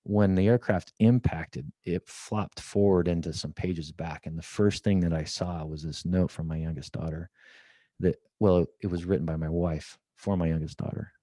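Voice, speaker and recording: Deep-voiced middle-aged man telling a story. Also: normal speed, dry recording. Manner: lively storyteller, acts out quoted dialogue. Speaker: guest. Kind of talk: storytelling in a podcast interview. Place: office at company headquarters.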